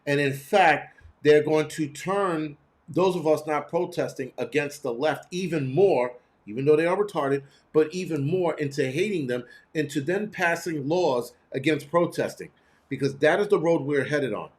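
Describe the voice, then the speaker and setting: Male host, profane and animated storyteller, voice pitched a bit high. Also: normal speed. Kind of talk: casual storytelling monologue.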